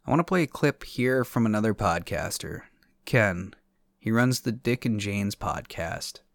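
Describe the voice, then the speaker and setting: A man's voice: fairly low pitch, lively intonation, unhurried, vocal fry, no room sound. A man hosting a podcast, delivering a scripted monologue with dry, sardonic humor. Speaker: podcast host.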